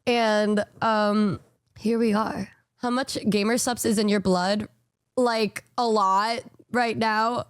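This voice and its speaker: A woman's voice: medium pitch, steady tone, slow pace, smooth, no echo, studio quality. A young woman streaming live, chatting casually and rambling, jet-lagged and sleepy, swearing freely.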